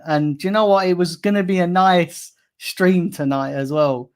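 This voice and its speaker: A man's voice: fairly high pitch, normal speed, hardly any pauses. An irate man rants into his live stream from a room at home, swearing freely. He breaks off to read the chat out before launching back into his complaints as a fed-up fan. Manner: angry, swearing, ranting. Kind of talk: live stream rant reading chat comments.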